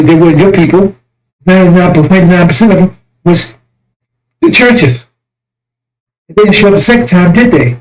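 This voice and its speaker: Fiery high-voiced male preacher. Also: low-quality recording. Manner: fiery, crude, mocking. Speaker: self-styled religious messenger. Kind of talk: impassioned religious rant.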